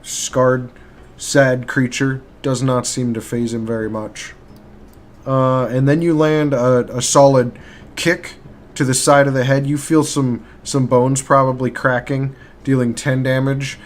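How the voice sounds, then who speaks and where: Slow-paced man running a tabletop game. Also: medium pitch, flat delivery, slight background noise. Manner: halting, with many fillers and restarts. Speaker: game master. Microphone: streaming mic.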